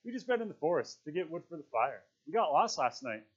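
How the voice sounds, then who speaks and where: A man's voice: a little high, sing-song, fast talker, slightly rough, voice pushed up. A man doing an evasive, stifled boy. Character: embarrassed evasive boy twin. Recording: dull lo-fi recording.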